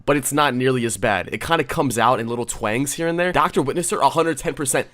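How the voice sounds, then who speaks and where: A man's voice: medium pitch, fast, fairly bright tone. A man ranting through casual online commentary, swearing often and mocking his subject with sarcasm. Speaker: commentary YouTuber.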